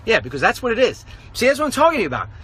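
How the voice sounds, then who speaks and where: A man's voice: very high voice, huge pitch swings, racing, fairly bright tone, slightly rough, low-quality recording. A middle-aged man giving a rambling, emphatic walk-and-talk monologue outdoors as an online commentator. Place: outdoors, walking.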